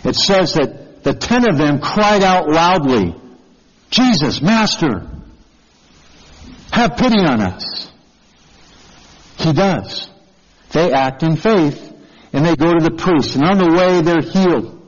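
A man's voice: a little high, unhurried, big-room sound, highs cut off. A man preaching a sermon as pastor, earnest, who often turns to the listeners with questions. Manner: earnest, asks the congregation questions.

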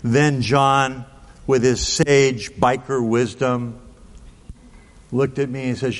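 A man's voice: mid-range voice, level tone, takes it slowly, pauses often. A man in his sixties preaching a sermon, telling stories in a folksy way with frequent "right?" and "okay?" asides. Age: 60s. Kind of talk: sermon storytelling. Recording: long reverb of a large hall.

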